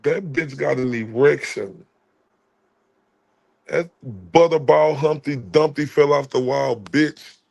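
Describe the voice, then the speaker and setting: A man's voice: fairly high pitch, slow, gravelly, darkish tone, dull audio. A man from Dallas, Texas hosting a livestream and ranting with profane, repetitive insults. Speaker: livestream host. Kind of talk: heated livestream rant.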